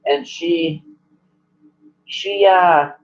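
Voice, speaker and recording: Slow, halting man narrating a tabletop game. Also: on the high side. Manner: halting, many "like" fillers. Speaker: game master. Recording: muffled lo-fi recording.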